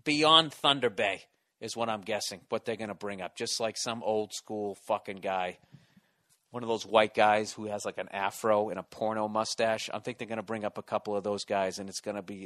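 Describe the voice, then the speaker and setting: A man's voice: sits low, pushed and bright, no echo. A man hosting a podcast alone, delivering a rambling, profane and self-mocking comedic rant. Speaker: podcast host.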